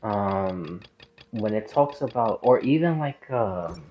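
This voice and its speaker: A man's voice: lowish voice, lively intonation, slow, darkish tone, a little hiss or hum, rough recording. A man casually talking through a theory in a rambling, hesitant way, with lots of filler words and restarts. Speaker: gaming lore commentator. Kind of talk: casual explanatory monologue.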